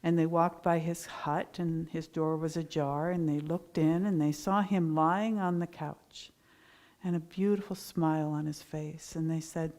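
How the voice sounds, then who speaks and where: A middle-aged woman preaching at a Sunday service, spinning a story with animated, lively delivery. Her voice sits a little low for a woman. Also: a little slow. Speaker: minister giving a Sunday talk. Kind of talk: sermon storytelling.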